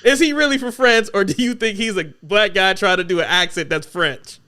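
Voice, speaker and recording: A man with a high, bright voice hosts a casual podcast chat over a remote call. He jokes and teases his co-hosts, and his talk is animated. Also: brisk, clear, resonant tone. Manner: joking, animated and teasing. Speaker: podcast host.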